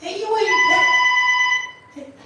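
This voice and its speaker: A woman hosting a commentary stream, rambling and repeating herself as she rants loudly and questions a voice assistant. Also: takes it slowly. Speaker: channel host. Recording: echoey room, far from mic, faint noise.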